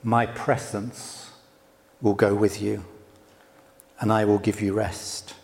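A preacher voicing a low, soothing God. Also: male voice, flat delivery, slow pace, gravelly, a little mellow, in a large hall. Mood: reassuring. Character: calm, deep-voiced God reassuring his prophet.

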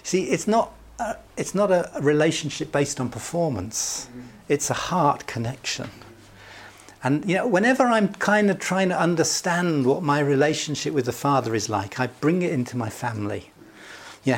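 A man's voice: fairly high pitch, expressive, moderate pace. A middle-aged man preaching a conversational sermon, chatty and jovial, often chuckling and filling his talk with asides. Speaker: pastor.

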